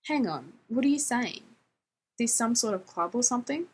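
Lady doing a calm blunt cop guy, short questions, husky. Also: a little high, normal speed, poor audio. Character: steady grown man, a patient cop.

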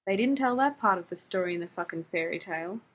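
A woman's voice: on the low side, expressive, fast, fairly bright tone. A woman reading the lines of an earnest, sheepish young man who rambles in casual slang.

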